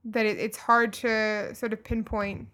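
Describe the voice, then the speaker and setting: A woman's voice: mid-range voice, flat delivery, measured pace, a bit bright. A woman co-hosting a casual music podcast, chatting with many ums and restarts. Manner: hesitant, lots of ums and restarts. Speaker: podcast co-host.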